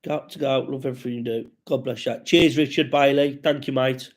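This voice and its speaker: A man's voice: mid-range voice, steady tone, fairly quick. A man with a West Midlands accent hosting a live stream, reading out comments with sweary, jokey banter.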